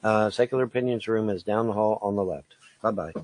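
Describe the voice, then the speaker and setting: A man's voice: on the low side, brisk, a little mellow, no echo. A man brushing off critics in a mocking, profane way.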